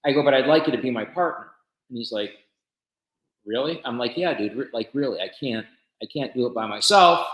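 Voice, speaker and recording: A man's voice: medium pitch, lively intonation, brisk, a bit bright, reverberant, poor audio. A man, a business founder, tells his story casually in an interview and acts out the conversations he quotes.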